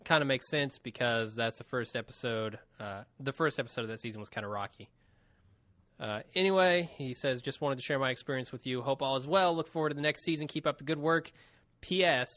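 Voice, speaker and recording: A man's voice: mid-range voice, brisk, a bit bright, no echo. A man co-hosting a podcast, reading listener emails aloud in a casual chat and laughing often.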